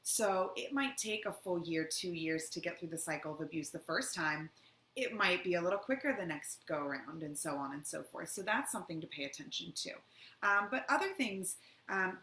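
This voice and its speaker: A woman's voice: mid-range voice, pushed and bright. A woman educator who works on domestic violence, answering viewer questions in an earnest Q&A and explaining through acted-out examples. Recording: echoey room with faint background noise.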